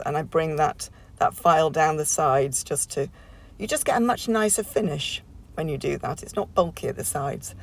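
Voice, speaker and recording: Gravelly woman chatting through a tutorial. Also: deep voice, normal speed. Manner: chatty, rambling, many fillers and restarts. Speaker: nail tutorial creator. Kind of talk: casual voiceover tutorial.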